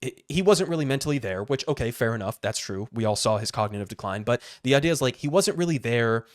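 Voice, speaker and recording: A man's voice: medium pitch, animated, fast talker. A man hosting political commentary, with a middle-range voice and a sarcastic, incredulous edge. He sounds close to the mic in a dry space with no echo.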